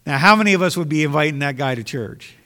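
A man's voice: fairly high pitch, lively intonation, fast talker, sharp tone. A man preaching a sermon with emphasis, repeating phrases to drive his points home. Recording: long hall reverb.

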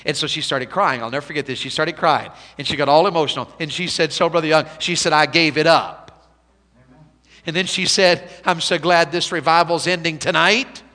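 A man preaching a revival sermon. He swings from hushed, slow pleading to loud, high-pitched exhortation. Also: long reverb tail. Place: church sanctuary.

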